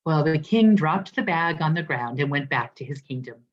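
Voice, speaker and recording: A woman minister telling a story as part of her sermon, in an expressive storytelling manner. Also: deep voice, moderate pace, few pauses. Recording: dull lo-fi recording.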